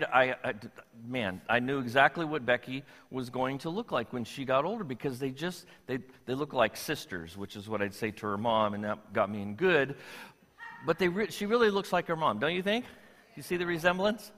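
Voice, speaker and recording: A man's voice: a little high, moderate pace, sharp tone. An older man preaching a sermon as pastor, playful and joking with his congregation. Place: church sanctuary. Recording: long reverb of a church hall.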